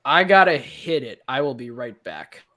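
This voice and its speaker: A man chatting casually on a movie watch-along, talking in halting bits with many fillers. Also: mid-range voice, very animated, bright, forceful tone. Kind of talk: casual chat.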